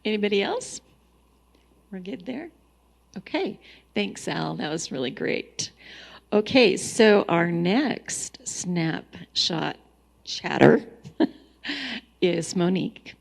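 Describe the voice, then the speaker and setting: Woman host, slow and raspy, easygoing organizer. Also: on the low side, expressive. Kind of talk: casual chat.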